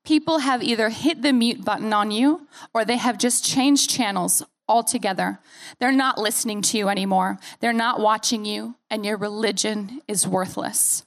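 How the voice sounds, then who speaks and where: A young American woman pastor preaching a sermon in an earnest, animated way with playful asides; her accent has softened after years in Australia. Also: mid-range voice, moderate pace. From United States.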